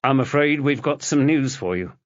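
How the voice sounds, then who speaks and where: A man's voice: mid-range voice, animated, moderate pace, no echo, highs cut off, voice pushed up, close to an everyday voice. A man voicing a desperate middle-aged detective father in an audiobook, pleading urgently.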